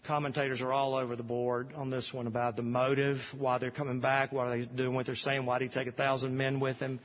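A pastor preaching a sermon, rising to emphatic repeated refrains, recorded from a distance in a church sanctuary. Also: male voice, mid-range voice, flat delivery, quick pace, big-room sound, dull audio.

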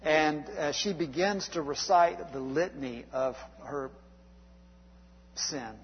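A man's voice: fairly high pitch, slow pace, muffled recording, slight background noise. Man preaching in a reverberant hall. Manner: conversational preaching with frequent uhs and restarts. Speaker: pastor. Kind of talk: sermon.

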